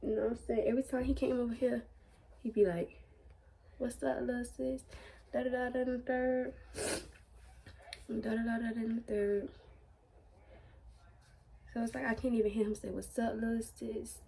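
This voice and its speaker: Tearful young woman with a gravelly voice. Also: fairly high pitch, fairly even intonation, warm tone. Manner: tearful, halting storytelling with many fillers. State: crying. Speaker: vlogger. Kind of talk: storytime vlog.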